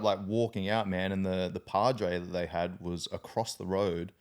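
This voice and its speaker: A man's voice: low-pitched, level tone, normal speed, few pauses. An Australian man and army veteran telling a story in casual podcast chat, profane and laughing often.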